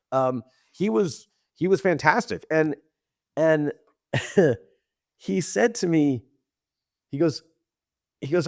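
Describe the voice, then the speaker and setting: A middle-aged man, a TV director, telling behind-the-scenes stories in a casual interview, animated and quick to laugh, with many restarts. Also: on the high side, dry recording, studio quality. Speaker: TV director and writer, guest.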